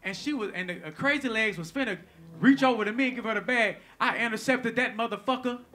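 A man doing stand-up comedy, telling a story in an animated, profane way and acting out the lines of people in it. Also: extremely high pitch, fast talker. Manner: animated, profane, acts out quotes.

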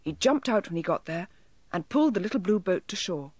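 Expressive woman reading a children's story. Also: on the low side, brisk, no echo. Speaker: narrator.

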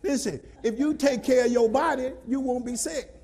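A man preaching a sermon as pastor, scolding and repeating himself to the congregation, sometimes shouting. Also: very high voice, normal speed.

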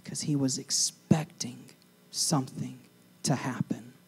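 A youth pastor, a man, preaching in a slow, deliberate way. He retells the story with animated voices for the characters, rising to shouts and dropping to near whispers. His voice sits at an ordinary middle pitch. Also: husky. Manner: animated, acts out the characters, swings from shouts to hushed tones. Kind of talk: storytelling sermon. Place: church youth room.

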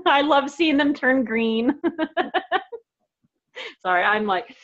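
A woman leading a casual team video call, bubbly and excitable, talking in a chatty, enthusiastic way. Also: high-pitched, muffled recording. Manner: bubbly, excitable, quick to laugh. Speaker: team leader on a coaching call. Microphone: video call microphone.

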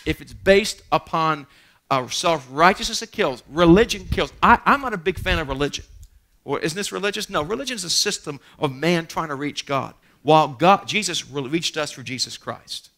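A man preaching a sermon in a church, animated and joking at his own expense, often restarting his sentences. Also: a little high, moderate pace. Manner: animated preaching with humorous asides and self-deprecating stories; frequent stammered restarts. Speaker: pastor. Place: church sanctuary.

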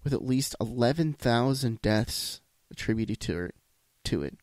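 A man's voice: medium pitch, animated, a little slow, a little mellow, no room sound. A man hosting a solo podcast, ranting bluntly with lots of swearing and restarts. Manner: blunt, profane, rambling with restarts. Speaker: podcast host.

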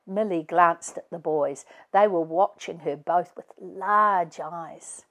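A woman author reading a family chapter book aloud as an expressive storyteller. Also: fairly low pitch, slow, few pauses. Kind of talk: family read-aloud narration.

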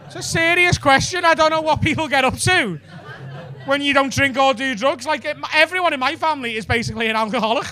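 High-voiced comic working the crowd. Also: male voice, fast talker, bright, forceful tone. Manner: cheeky, swearing banter with the crowd. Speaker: stand-up comedian. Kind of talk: stand-up crowd work. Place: comedy club stage with a live audience.

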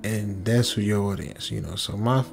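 Man, low gravelly voice, relaxed late-night chat, music behind. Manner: laid-back, slow, low-key talk with slang. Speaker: storytelling channel host. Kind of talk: casual chat to viewers. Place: home at night.

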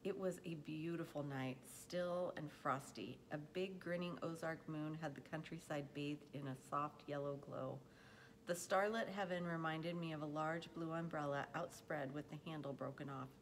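Low-voiced woman reading an audiobook. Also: slight background noise. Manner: measured, expressive storytelling. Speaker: audiobook reader. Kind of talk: audiobook narration.

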